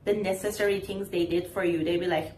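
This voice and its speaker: A woman's voice: on the low side, fairly even intonation, a little fast, darkish tone, a little hiss or hum. A woman vlogger talking casually to the camera in an exasperated, sarcastic ranting tone. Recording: roomy echo, faint ambience.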